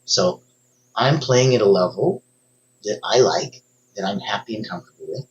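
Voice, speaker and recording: A man giving a motivational talk as a coach, emphatic and speaking straight to the listener, with sudden upward jumps in pitch on key words. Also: animated, moderate pace, a little hiss or hum.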